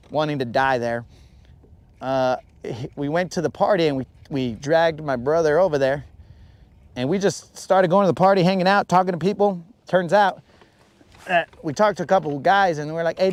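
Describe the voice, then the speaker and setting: Guy telling a goofy story on his bass fishing stream, kinda high voice, pitches up for quotes, dry sound. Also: a little mellow, no room sound. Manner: rambling anecdotes, acts out quotes in a higher voice. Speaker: fishing livestream host. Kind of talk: casual storytelling while fishing. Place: out on a lake, on a boat.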